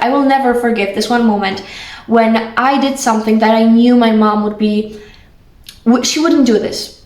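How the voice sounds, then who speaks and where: Brief: young woman, affectionate chatty vlogger, higher voice, roomy echo. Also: normal speed, darkish tone. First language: Polish. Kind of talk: casual heartfelt talk to camera.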